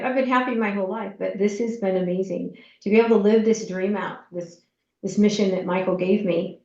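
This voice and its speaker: A woman's voice: mid-range voice, echoey room, highs cut off. A woman speaking as an entrepreneur guest in an interview, heartfelt and repeating her phrases.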